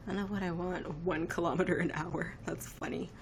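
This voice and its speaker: A woman's voice: fairly low pitch, fairly even intonation, fairly quick, a little hiss or hum. A woman in her twenties chatting casually on a live stream, rambling and reacting to viewer comments. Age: 20s. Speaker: livestreamer.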